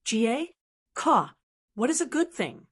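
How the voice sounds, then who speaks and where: A squawking, boastful little female blackbird from an audiobook, as a woman reader puts her on, raised higher than the narration. She sounds whiny and indignant, and the delivery is unhurried. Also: big pitch swings, breathy edge, full character voice. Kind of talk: audiobook character voice.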